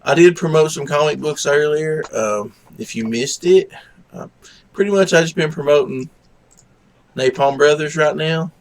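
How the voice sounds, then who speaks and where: A man hosting a live stream, chatting casually and rambling in a laid-back, self-deprecating way. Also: moderate pace. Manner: coos at his dog in high baby talk. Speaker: livestream host.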